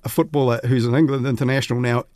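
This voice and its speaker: A man's voice: mid-range voice, fairly even intonation, rapid-fire, a little mellow, no room sound. Chatty man on studio radio. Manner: chatty, rambling with fillers and restarts. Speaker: media commentator. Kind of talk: casual radio chat. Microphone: studio mic.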